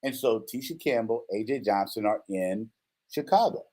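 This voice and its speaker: A man in his fifties hosts a casual show, speaking at normal speed in a fairly low voice. He tells a story with animation, acting out the quotes and frequently checking in with "right?"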